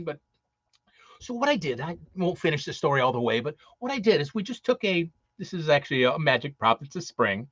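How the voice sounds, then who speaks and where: Rambling male Santa performer, slightly high. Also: sing-song, a little fast, fairly bright tone, dry recording, lo-fi sound. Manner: rambling, many restarts and fillers. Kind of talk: casual motivational talk.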